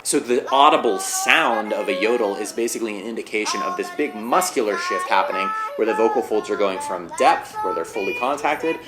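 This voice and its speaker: Low-voiced male voice teacher explaining. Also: fairly bright tone. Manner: explains anatomy step by step, leans on "basically". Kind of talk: explanatory vocal lesson.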